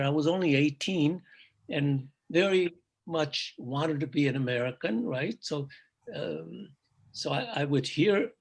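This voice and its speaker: Older man, native Urdu speaker, somewhat high and husky voice, rambling storyteller with many restarts. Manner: reflective storytelling, halting restarts. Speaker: guest, father of the hosts. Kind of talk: casual chat.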